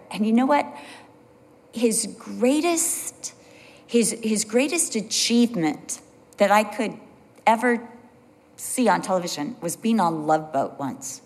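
A woman teaching a Bible study in an earnest way, building points through emphatic repetition. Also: medium pitch. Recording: long hall reverb.

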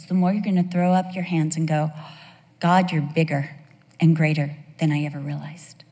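A woman teaching a Bible sermon to a women's group, conversational and animated, telling stories with rhetorical questions. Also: lowish voice, big-room sound.

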